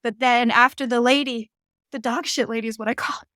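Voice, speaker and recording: Female guest, medium, fairly high voice, animated storyteller who voices the people she quotes; dry sound. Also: brisk, smooth, dry recording. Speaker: guest medium and tarot reader. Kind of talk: casual storytelling.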